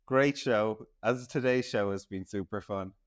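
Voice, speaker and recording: A man's voice: on the low side, a little slow. A man hosting a podcast, speaking to listeners in a chatty, self-deprecating way. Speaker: podcast host. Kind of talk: casual podcast chat.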